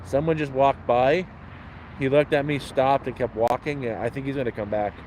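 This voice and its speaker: A man's voice: medium pitch, fairly even intonation, normal speed, a little mellow, a little hiss or hum, rough recording. A man telling stories in blunt, profane, casual chat, outdoors by a city street. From Canada. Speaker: homeless vlogger answering questions. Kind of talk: casual storytelling.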